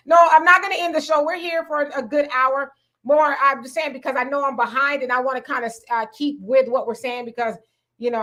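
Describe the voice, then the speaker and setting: A woman hosting a live chat show, her voice pitched a little high and easygoing. she reads out viewer comments, greets each person by name and breaks into laughter now and then. she keeps things light and chatty. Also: a bit bright. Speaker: livestream host reading chat comments.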